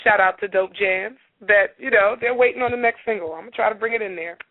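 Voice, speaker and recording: A woman singer being interviewed on talk radio, telling stories in a lively way and acting out the dialogue. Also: medium pitch, quick pace, no echo. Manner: animated, acts out dialogue in her stories. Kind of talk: casual radio interview storytelling. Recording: dry, phone-like radio audio.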